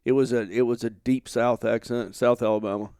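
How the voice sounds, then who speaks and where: Middle-aged guest, smooth resonant voice, dry close sound, easygoing storyteller. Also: male voice, mid-range voice, steady tone, brisk, mellow, no room sound. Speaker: podcast guest. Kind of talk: casual conversation. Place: home office.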